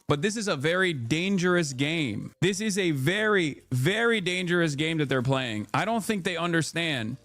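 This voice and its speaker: A man's voice: on the high side, no echo. A man giving heated, incredulous commentary on political clips. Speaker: political streamer reacting to clips. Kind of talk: casual commentary.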